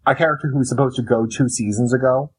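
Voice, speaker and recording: A man chatting on a podcast, with a slightly breathy voice and a middling pitch. He tells stories with lots of energy and acts out what other people say. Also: fast talker, low-quality recording. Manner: animated storyteller, mimics his wife. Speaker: podcast co-host. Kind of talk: casual chat.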